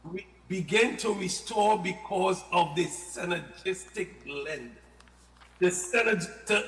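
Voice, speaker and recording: High, bright man. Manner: animated, playful asides, repeats words. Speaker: health product guest. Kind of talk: casual radio-style health talk. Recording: echoey studio with long reverb.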